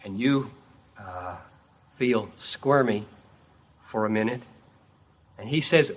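A man preaching a sermon in a church, telling a story dramatically and swinging from loud declarations to hushed asides. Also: mid-range voice, a little slow, pauses often, breathy edge.

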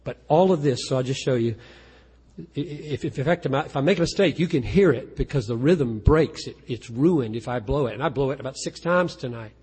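A man's voice: medium pitch, a little fast, darkish tone, slightly rough. A man, a pastor, talking earnestly and self-deprecatingly about writing poetry, often restarting his sentences. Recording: long reverb of a large hall.

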